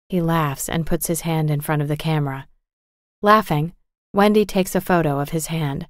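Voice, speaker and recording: Woman reading a story clearly for learners. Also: sits low, fairly even intonation, no echo, clean studio sound. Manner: clear, measured, carefully articulated reading. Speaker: narrator. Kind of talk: storybook narration for English learners.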